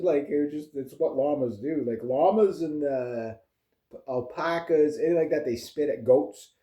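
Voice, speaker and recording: A Canadian man vlogs casual, rambling stories about farm life in a high-leaning, mellow voice. The room is echoey, and he's chatty, laughs often, and uses lots of fillers.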